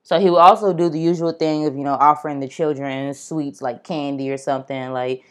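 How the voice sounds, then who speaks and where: A woman's voice: low-pitched, steady tone, brisk. A young woman hosting a casual true-crime podcast, chatty and blunt, swearing and turning to her listeners with asides. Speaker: podcast host.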